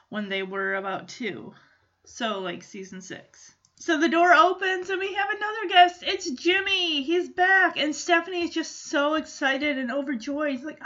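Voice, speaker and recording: A woman's voice: high-pitched, bright, forceful tone, highs cut off. A woman giving a casual, gushing recap of a TV episode, giggling and acting out the characters' lines.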